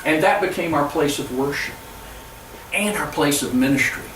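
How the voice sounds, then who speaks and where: A man's voice, a little high for a man, comes from some distance in an echoey church hall. He is a pastor giving an earnest presentation to fellow church leaders, telling stories with frequent halting restarts. A faint hum of room ambience sits behind him.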